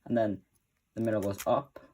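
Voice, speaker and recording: A man's voice: fairly low pitch, steady tone, moderate pace, a little mellow. A man hosting a casual spoken tutorial, talking in a stop-start way and correcting himself as he goes. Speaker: tutorial host.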